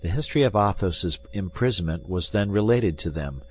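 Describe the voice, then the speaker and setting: Deep-voiced expressive audiobook narrator, man. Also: fairly quick. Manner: expressive storytelling. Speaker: audiobook reader.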